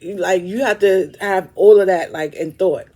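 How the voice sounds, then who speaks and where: A man's voice: high-pitched, fairly even intonation, a little slow, a little mellow. A man hosting a reaction video, giving his opinions on a story in casual commentary. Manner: opinionated, talks it through. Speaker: reaction host.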